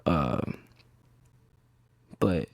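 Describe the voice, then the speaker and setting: A young man hosting a podcast, telling a childhood story in an animated, slangy, casual way. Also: very slow, no echo, clean studio sound. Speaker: podcast host.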